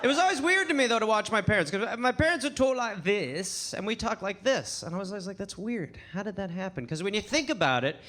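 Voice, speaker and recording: High, bright-voiced stand-up comedian. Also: male voice, quick pace, hardly any pauses. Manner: animated, acts out voices, laughs mid-joke. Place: comedy venue with live audience. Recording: live show, faint audience.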